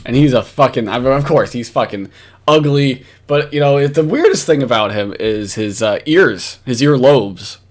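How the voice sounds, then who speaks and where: A man's voice: mid-range voice, animated, moderate pace. A man giving casual reaction commentary, ranting in an exasperated, profane way with many restarts. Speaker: commentary host.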